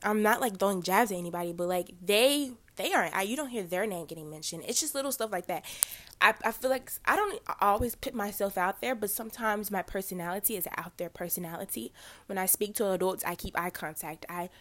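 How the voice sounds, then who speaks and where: A woman's voice: mid-range voice, fairly quick, a bit bright. A teenage girl hosting her own podcast, a little congested, talking casually with many fillers and self-corrections. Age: teens. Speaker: podcast host.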